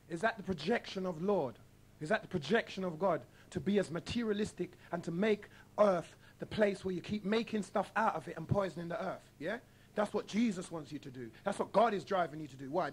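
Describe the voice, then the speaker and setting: A man's voice: high-pitched, husky. A man hosting a radio talk show, delivering a combative monologue full of rhetorical questions and blunt mockery. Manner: mocking, blunt.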